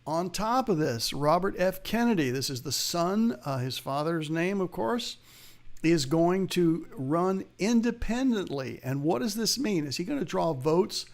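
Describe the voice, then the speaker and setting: A man hosting a live investing webcast, giving market commentary in a chatty way, talking straight to viewers and reading their chat. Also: fairly high pitch. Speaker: host of a live investing show.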